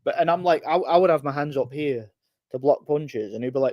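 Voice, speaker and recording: A man's voice: fairly high pitch, a little fast, dry recording, dull audio. Rambling man, dry sound. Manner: rambling, frequent word repeats and fillers. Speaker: livestream host answering chat. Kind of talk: casual chat.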